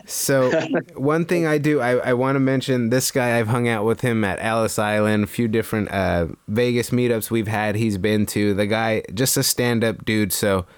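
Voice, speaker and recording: A man's voice: fairly low pitch, steady tone, moderate pace, few pauses, clean tone, no room sound. Enthusiastic male podcast host. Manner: enthusiastic, gives shout-outs. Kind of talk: casual chat.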